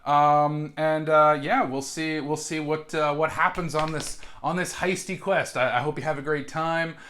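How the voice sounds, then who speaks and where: A man's voice: on the high side, steady tone, moderate pace, a bit bright, slight background noise. A man acting as game master in a comedic solo tabletop role-play, hesitant and full of fillers and restarts.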